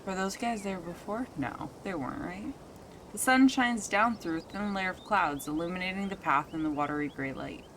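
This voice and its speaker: A woman's voice: fairly low pitch, moderate pace, fairly bright tone, slight background noise. A woman streaming a story game, reading narration aloud and fretting in muttered asides. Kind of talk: let's play commentary and narration reading.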